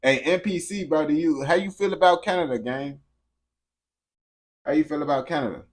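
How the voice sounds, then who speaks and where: A man's voice: on the high side, normal speed. Slangy young man chatting with a game character. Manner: slangy, repetitive, swings between mumbling and excited yelling. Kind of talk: casual chat with a game character.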